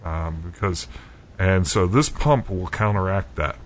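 A man's voice: low voice, unhurried, slight background noise. Rambling man, casual podcast chat. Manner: rambling, many restarts and fillers. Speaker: podcast co-host.

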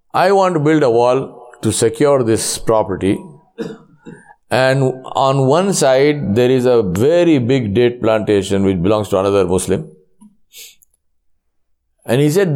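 A man's voice: medium pitch, measured pace, long pauses. A man preaching a sermon and telling stories, voicing the people in them. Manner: animated, voices characters in his stories. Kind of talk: sermon storytelling.

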